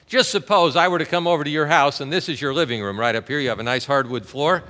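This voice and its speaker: A man's voice: fairly high pitch, quick pace, sharp tone. A male pastor preaching a sermon with emphasis, asking the congregation questions and drawing them in. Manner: emphatic preaching with rhetorical questions and audience interaction. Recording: reverberant hall.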